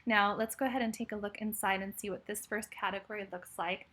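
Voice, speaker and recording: A woman's voice: medium pitch, steady tone, fast talker, a bit bright. A woman, a speech therapist, walking through a therapy resource in a friendly, explanatory way with frequent fillers. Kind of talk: screen-share walkthrough tutorial.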